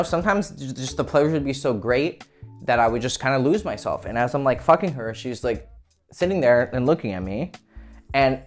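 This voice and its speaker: A man hosting a dating advice talk, speaking casually, frankly and explicitly. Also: mid-range voice. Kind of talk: casual monologue.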